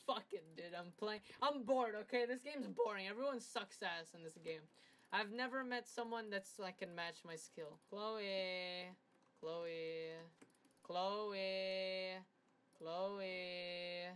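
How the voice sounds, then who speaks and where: A young woman giving casual gameplay commentary, swearing and trash-talking rivals crude and loud, with bursts of laughter. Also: medium pitch, moderate pace, slight background noise. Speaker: gaming commentator.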